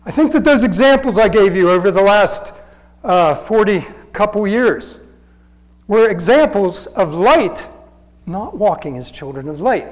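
A man with a high voice delivers a sermon in a church. He talks in a plain, conversational way, yet he hammers each point with insistent repetition. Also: rough recording. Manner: earnest, conversational teaching with emphatic repetition. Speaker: preacher.

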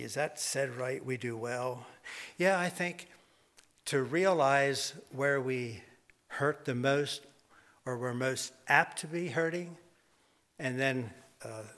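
A man's voice: mid-range voice, fairly bright tone. An older man preaching a sermon in a rambling, folksy storytelling way, with self-deprecating humor.

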